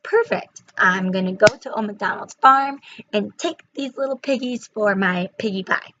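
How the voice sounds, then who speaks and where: A woman's voice: medium pitch, moderate pace, pushed and bright, slight background noise, lightly acted. A woman voicing a greedy, scheming witch who hunts piglets, in a gleeful, wheedling tone, on a slightly muffled recording.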